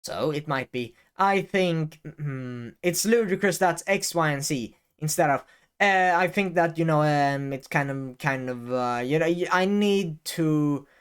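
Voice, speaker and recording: A man's voice: fairly high pitch, a little slow, clear, resonant tone. Rambling young man giving video advice. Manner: rambling, swearing, many fillers and restarts. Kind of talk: casual on-camera advice talk.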